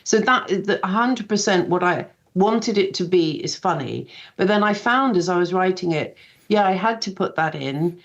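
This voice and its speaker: A woman's voice: on the low side, lively intonation, normal speed, lo-fi sound. An older woman speaking as a guest author in a casual radio interview, chatty and self-deprecating, acting out quoted dialogue as she tells stories.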